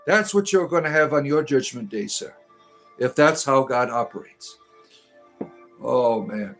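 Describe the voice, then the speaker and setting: A man's voice: medium pitch, measured pace, long pauses, a bit bright, faint music behind. A man hosting a livestream, reading chat aloud and answering with crude, sarcastic humor and preachy rants.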